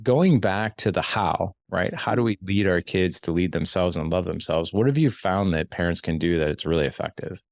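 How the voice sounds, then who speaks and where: A man with a very low voice hosts a podcast conversation. He speaks emphatically and often restarts or repeats words mid-thought. His voice sounds dry and close to the mic. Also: normal speed, creaky, hardly any pauses, no echo. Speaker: podcast host. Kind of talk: casual interview chat.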